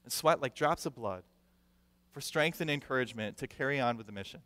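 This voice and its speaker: A male pastor preaching a sermon with animated delivery, acting out the people he quotes and repeating words for emphasis. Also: mid-range voice, a little fast. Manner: animated, acts out quoted voices; repeats words when stressing a point. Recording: long reverb of a large hall.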